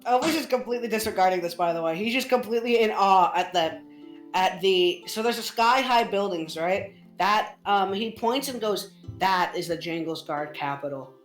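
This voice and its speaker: A woman's voice: medium pitch, moderate pace. Rambling woman game master. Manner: rambling, many fillers and restarts. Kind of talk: narrating a tabletop game. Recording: roomy with faint music.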